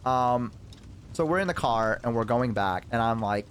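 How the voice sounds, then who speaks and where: A man's voice: medium pitch, expressive, moderate pace, slight background noise. A man streamer telling a story in a casual way, rambling with lots of fillers and some swearing.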